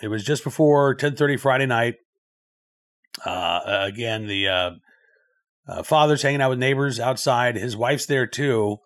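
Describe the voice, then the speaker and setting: Guy doing news commentary, medium pitch, lots of uhs, just talking it through. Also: a bit bright. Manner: loose, thinking aloud with frequent filler pauses.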